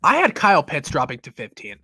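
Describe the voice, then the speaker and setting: A man's voice: on the high side, wildly swooping pitch, a little fast, bright, forceful tone, husky, no room sound, clean studio sound. A man hosting a football podcast, talking through draft picks in a casual, rambling way that often stops and restarts. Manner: rambling, self-interrupting. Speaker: podcast host.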